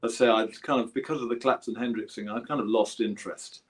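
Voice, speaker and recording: Speaking quickly in a lowish, steady voice, a man in his seventies with an English accent chats informally as an interview guest. The musician's rambling tales are full of restarts.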